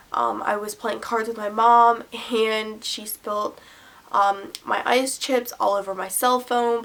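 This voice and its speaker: A young woman recounts her own story in a loose, chatty way, wandering through asides and fillers as she goes. Her voice sits a little higher than most women's. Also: a bit bright. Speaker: vlogger. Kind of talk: storytime vlog.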